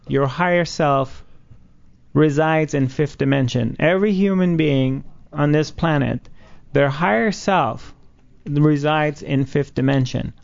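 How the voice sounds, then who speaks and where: A man in his fifties with a slightly high voice, gravelly at the edges yet smooth and resonant underneath. He explains his healing work earnestly and haltingly, full of pauses, on a dull lo-fi recording. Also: darkish tone. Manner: slow, earnest, halting with many fillers. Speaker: spiritual healer guest. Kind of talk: interview answers.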